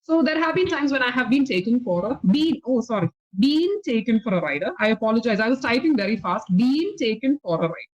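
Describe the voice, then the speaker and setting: High-voiced Indian English teacher, patient. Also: female voice, big pitch swings, a little fast, few pauses. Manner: patient, explanatory, frequent okay checks. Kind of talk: online English conversation lesson. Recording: slightly dull lo-fi audio.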